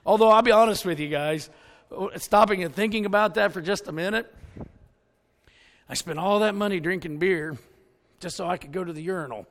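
A man preaching a sermon full of stories and jokes, with an animated, jokey delivery. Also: high-pitched, fairly quick, pauses often. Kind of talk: storytelling sermon.

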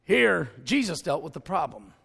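A man preaching a sermon full of stories and jokes, with an animated, jokey delivery. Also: on the high side, normal speed, creaky, breathy edge. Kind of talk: storytelling sermon.

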